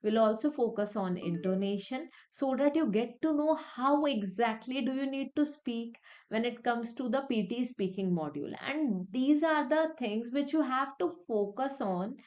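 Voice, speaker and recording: A woman's voice: fairly high pitch, lively intonation, measured pace, a little mellow. A young woman teaching an exam-prep lesson, explaining each point step by step and repeating it with many "okay"s. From India. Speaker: English test tutor.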